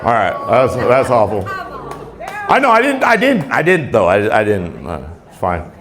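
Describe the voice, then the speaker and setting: A man's voice: lowish voice, huge pitch swings, unhurried. A man in his forties doing a rambling, self-deprecating stand-up set on a club stage, often chuckling at his own jokes. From Tacoma, Washington, USA. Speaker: stand-up comedian. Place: comedy club stage with laughing crowd. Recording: live club set with crowd laughter.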